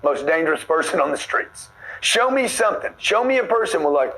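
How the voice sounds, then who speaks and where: Forceful man giving a motivational talk. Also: fairly high pitch, expressive, a little fast, poor audio. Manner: forceful, preachy, blunt. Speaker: motivational speaker.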